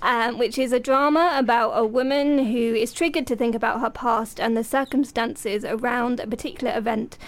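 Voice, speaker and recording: A woman hosting a casual film podcast, bright and giggly. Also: a little high. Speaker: podcast host.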